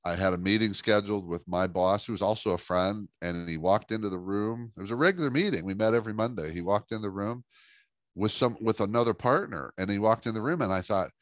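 A middle-aged man, a business coach, telling a lively story in an interview and acting out the dialogue. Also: fairly low pitch, fairly quick, dry recording. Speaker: business coach and speaker, guest.

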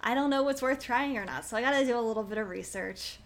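Female co-host, slightly high voice, relaxed and curious, quick to ask questions. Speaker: podcast co-host. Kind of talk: casual gaming podcast chat.

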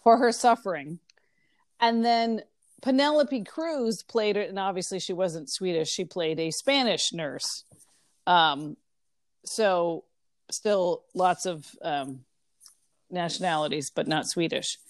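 Low-voiced and unhurried, a female podcast co-host rambles through casual chat with lots of fillers in a chatty manner. The recording is dry and studio quality.

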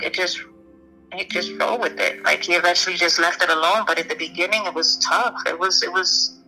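A young woman guest speaking candidly in an interview, halting and restarting often with many "you know"s. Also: on the low side, pushed and bright, rough recording. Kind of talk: personal story in an interview.

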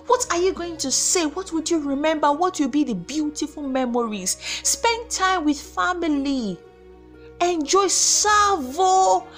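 A woman with a Nigerian accent giving a preachy motivational faith talk to her viewers, acting out quoted voices as she goes. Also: sits high. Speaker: motivational vlogger.

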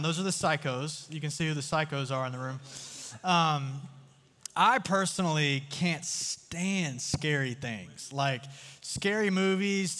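In a large room with a live audience and long hall reverb, a man speaks as a youth speaker, his voice fairly high in pitch and fairly bright. The sermon is casual and built on stories, with chatting, jokes and frequent questions put to the listeners.

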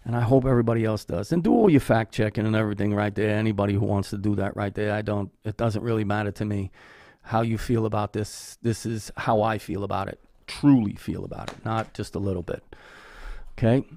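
A man's voice: on the low side, fairly quick, creaky, a little mellow, no room sound. A man hosting his own channel, talking to camera in a loose, earnest way, full of fillers and restarts, from his home studio. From Irish heritage. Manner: rambling, earnest, many fillers. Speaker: YouTube host. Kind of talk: casual talk to camera.

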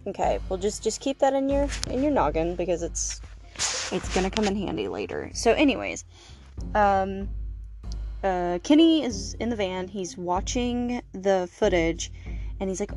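A woman hosting her podcast, retelling a story in an easy, chatty way, with plenty of fillers and the odd curse word. Her voice sits at an ordinary middle pitch. Faint music plays quietly underneath. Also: measured pace. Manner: chatty, animated storytelling with many fillers and swearing. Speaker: podcast host. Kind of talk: casual movie recap and review.

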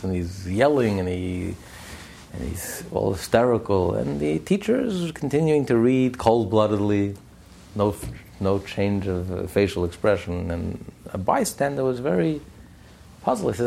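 A man lecturing a study class, animated and emphatic, repeating phrases for stress. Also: lowish voice, moderate pace, gravelly. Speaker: Torah class teacher.

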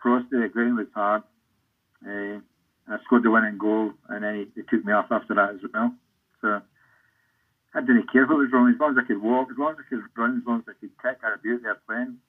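Husky Scottish old footballer on a tinny line. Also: male voice, lowish voice, fairly even intonation, a little fast. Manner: rambling anecdotal, self-interrupting. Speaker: former footballer guest. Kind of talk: storytelling interview.

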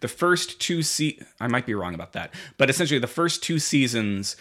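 A man's voice: medium pitch, very animated, brisk, fairly bright tone. A man co-hosting a podcast, chatting casually, rambling with frequent restarts and casual swearing. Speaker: podcast co-host. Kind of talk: casual chat.

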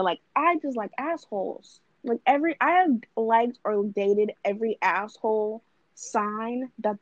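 A woman's voice: mid-range voice, dry recording, dull audio. A young woman co-hosting a podcast, talking bluntly and rambling with lots of fillers and swearing. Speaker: podcast co-host. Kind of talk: casual chat.

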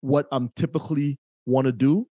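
A man's voice: mid-range voice, steady tone, normal speed, mellow, slightly rough, dry recording. A man co-hosting an interview show, summing up the guest's points with some restarts. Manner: sums up points, restarts sentences. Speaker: podcast co-host. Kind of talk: casual interview talk.

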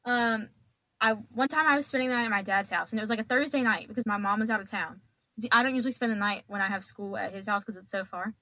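A woman's voice: mid-range voice, fast, bright, forceful tone, dry recording. A young woman telling stories as a podcast guest, chatty and dramatic, laughing as she goes. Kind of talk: casual storytelling.

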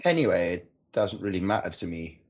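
A man's voice: deep voice, very animated, a little fast. A man playing in a casual tabletop game, hesitant with many fillers. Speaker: player. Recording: muffled lo-fi mic.

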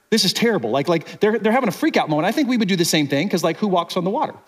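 A man delivering a sermon in a relaxed, chatty style, with a slightly higher than average voice for a man. He acts out what the people in the story are thinking, then drops low and quiet for the weighty moments. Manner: casual, conversational preaching with many "like"s, acting out the disciples' thoughts. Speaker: pastor.

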